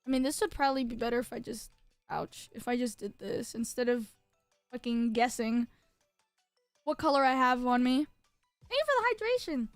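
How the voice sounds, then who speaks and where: Bubbly high-voiced young woman streamer. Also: lively intonation, moderate pace, long pauses, no room sound, soft background music. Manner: bubbly, lots of filler words, jumps between topics. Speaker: VTuber streamer. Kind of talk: casual live-stream chat.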